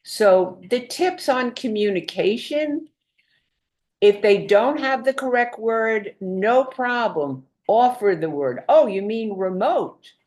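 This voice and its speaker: A woman's voice: on the high side, expressive, slow pace, a little mellow. A woman training home health aides in dementia care, explaining patiently with many examples and frequent ums. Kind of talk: instructional training talk.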